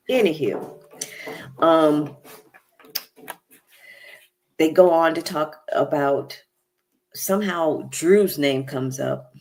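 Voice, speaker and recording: A woman's voice: deep voice, drawn-out words, pauses often, a little mellow. A woman hosting a casual reality TV recap, chatty and opinionated, with many fillers. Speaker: recap show host.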